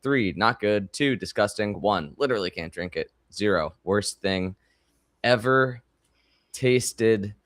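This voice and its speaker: Low-voiced man with a dry sound. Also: fairly bright tone, no echo. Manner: halting, many fillers and restarts. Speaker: podcast co-host. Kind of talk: casual chat.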